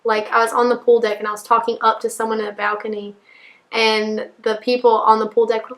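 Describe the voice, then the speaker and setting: Young woman, higher voice. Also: little pitch movement, fairly quick, a bit bright.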